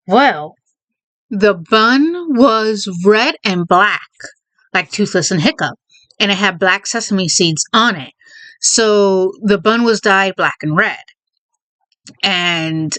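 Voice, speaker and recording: A woman with a medium-pitched, fairly bright voice and no echo chats casually in her vlog. Breathless and trying not to sneeze, she rambles, laughs often, and corrects herself with a slight stutter.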